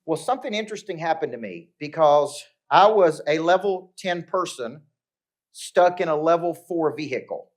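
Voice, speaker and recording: A man's voice: a little high, animated, normal speed. Man giving a motivational talk. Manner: storytelling with acted-out dialogue and crowd check-ins. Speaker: motivational speaker. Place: live event before an audience.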